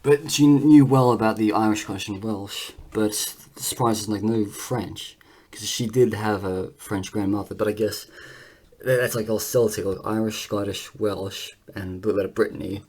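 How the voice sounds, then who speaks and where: A man talking casually to camera in a vlog, rambling and halting with many fillers and restarts as he reads through results on screen. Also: fairly low pitch, fairly even intonation, darkish tone. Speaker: vlogger.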